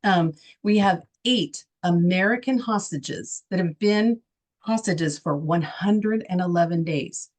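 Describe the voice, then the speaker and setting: A woman's voice: fairly low pitch, slow pace, darkish tone. A woman from Texas co-hosts a casual political talk show. She talks emphatically and drives her points home with rhetorical questions. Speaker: co-host.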